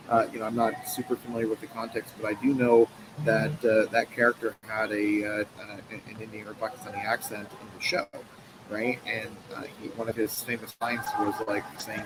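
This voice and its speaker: A man's voice: medium pitch, fairly even intonation. Guy telling a story on a live stream, lots of ums and restarts, noisy audio. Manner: earnest, halting with many fillers and restarts. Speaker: guest, company co-founder and president. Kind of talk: conversational storytelling interview answer. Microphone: live stream mic.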